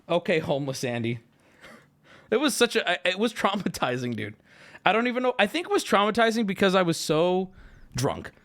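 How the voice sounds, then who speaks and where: High, lively, riled-up male streamer. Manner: profane, stammering, riled-up storytelling. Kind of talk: casual livestream rant.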